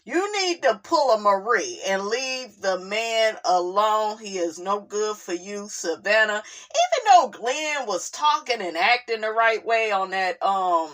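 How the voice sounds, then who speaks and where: Sassy, animated woman recapping reality TV. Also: medium pitch, unhurried, few pauses. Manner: sassy, animated, drawls and exclaims. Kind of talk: casual recap commentary.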